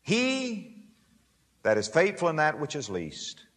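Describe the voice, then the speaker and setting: Man preaching, big swings up and down in pitch, bright forceful tone, long hall echo. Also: big pitch swings, moderate pace. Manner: emphatic, rising and dropping sharply for effect. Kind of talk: sermon.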